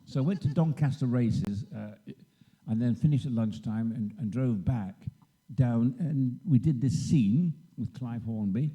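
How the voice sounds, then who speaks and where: Speaking from a convention stage, an older guest actor on a panel wanders through anecdotes, performing the voices of those he quotes. He has a medium-pitched, warm voice with a breathy edge and an unhurried delivery.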